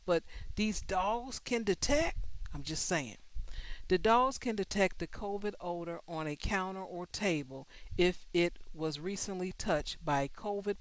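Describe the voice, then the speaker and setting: A woman's voice: fairly low pitch, a bit bright, no echo, rough recording. A woman hosting a show, reading news articles aloud and reacting with sarcastic asides. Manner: sarcastic asides, breaks into laughter. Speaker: host.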